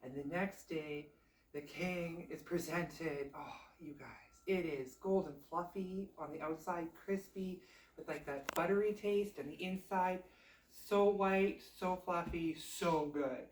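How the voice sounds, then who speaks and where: A woman's voice: fairly low pitch, unhurried, reverberant, recorded from a distance. Chatty woman telling a fairy tale. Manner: chatty, animated, conversational asides. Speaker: storyteller. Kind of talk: casual oral storytelling.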